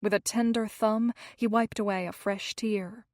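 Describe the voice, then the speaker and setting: This is a woman's scripted narration of a historical romance audiobook, captured dry at studio quality. Her voice sits in the mid range, and her reading is expressive but measured.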